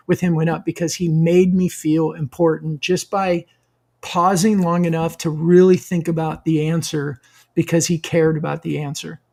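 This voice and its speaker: A man co-hosting a podcast, with a gravelly, fry-edged voice set a little high. He tells a personal story in a thoughtful, reflective way. His tone is casual and conversational. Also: flat delivery, normal speed, a little mellow. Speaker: podcast co-host.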